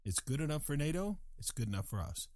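A man's voice: fairly high pitch, very animated, fast, a little mellow, no echo. An older man delivering a scripted comic monologue with a dry, wry manner, slipping into playful voices. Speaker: comedic host.

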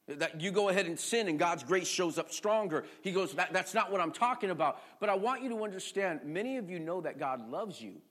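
A middle-aged male pastor preaching a sermon, swinging from shouting to near-quiet storytelling and calling on the congregation with questions. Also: high-pitched, lively intonation, fairly quick, few pauses.

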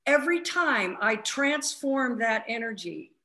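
A woman's voice: fairly high pitch, unhurried, slight background noise. A woman, a flight attendant, telling a story in casual spiritual conversation and acting out the quoted voices. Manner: animated retelling, acts out quotes.

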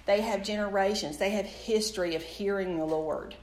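A woman's voice: mid-range voice, normal speed. A woman, preaching and telling a personal testimony, talking straight to her audience. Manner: storytelling, animated, addresses the audience directly. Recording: echoey room with faint background noise.

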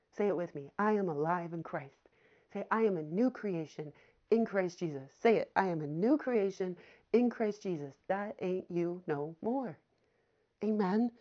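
A woman's voice: fairly low pitch, unhurried. A woman preaching a sermon with fervour, addressing her listeners as friends and having them repeat phrases after her. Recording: slightly dull, lo-fi audio.

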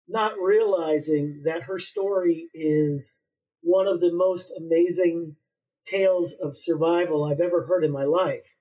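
A man author being interviewed, telling a long story in a relaxed way with many fillers and pauses. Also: fairly high pitch, breathy edge. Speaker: author guest. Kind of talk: conversational interview. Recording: distant, dull lo-fi sound.

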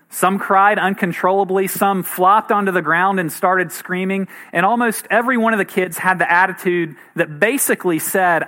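A man's voice: high voice, normal speed, few pauses, pushed and bright. A man in his thirties, a pastor giving a sermon in a conversational, earnest way. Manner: conversational and earnest, with light laughs.

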